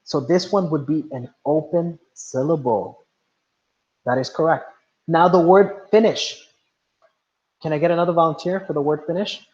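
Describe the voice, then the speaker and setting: A man's voice: fairly high pitch, moderate pace, pauses often, darkish tone. A male teacher leading a class lesson, patiently asking students questions and now and then slipping into Spanish. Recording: dull lo-fi audio.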